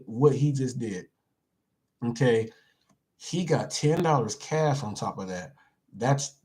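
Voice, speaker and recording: A man hosting a casual live stream, talking in an animated, playful way and repeating his lines for emphasis as he reacts to viewer comments. His voice sits a little higher than most men's. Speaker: live show host reading viewer comments.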